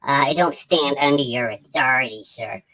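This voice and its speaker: A man voicing a pompous, bratty male roadside auditor as a comedic parody voice-over, his voice sped up into a chipmunk pitch. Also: moderate pace, bright, forceful tone, low-quality recording. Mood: smug. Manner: whiny, self-important, mocking. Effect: sped-up chipmunk pitch shift.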